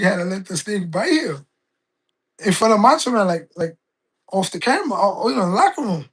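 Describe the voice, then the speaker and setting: A man's voice: sits high, animated, moderate pace, pauses often, fairly bright tone, slightly rough. A man, chatting casually on a live stream and rambling through stories full of fillers and restarts. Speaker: game streamer.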